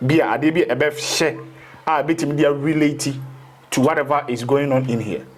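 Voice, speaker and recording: A man's voice: fairly high pitch, fairly even intonation, normal speed. A man, a spiritual teacher in a casual interview, rambling through explanations and slipping into local phrases.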